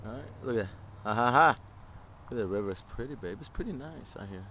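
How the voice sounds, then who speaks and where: Lively, laughing young man on a hike. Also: mid-range voice, quick pace, highs cut off, slight background noise. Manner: playful, laughing often, swears freely. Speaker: vlogger filming a hike. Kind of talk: casual teasing chat. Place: outdoor hiking trail by a river.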